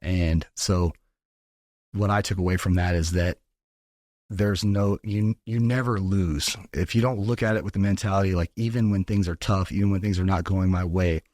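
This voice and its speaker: A man's voice: low voice, steady tone, normal speed, a little mellow, dry recording, clean studio sound. A man from Texas, a podcast guest talking in an earnest, motivational way and swearing freely. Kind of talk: casual podcast talk.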